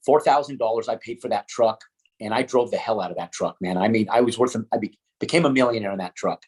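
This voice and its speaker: A man's voice: fairly low pitch, fast, husky. A middle-aged man, an interview guest, telling a story in casual chat. He swears freely and acts out other people's lines as he talks. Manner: swears casually, animated with quoted dialogue.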